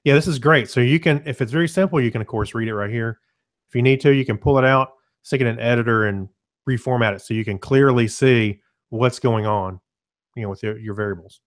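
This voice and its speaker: A man casually presenting a software demo on a web call, explaining in a loose, self-correcting way and often clearing his throat. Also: mid-range voice, fairly quick.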